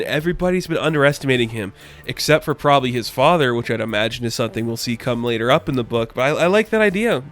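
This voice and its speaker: A man's voice: mid-range voice, quick pace, a bit bright, soft background music. A man giving a casual comic book review, chatty and full of fillers, loosely paraphrasing what the characters say.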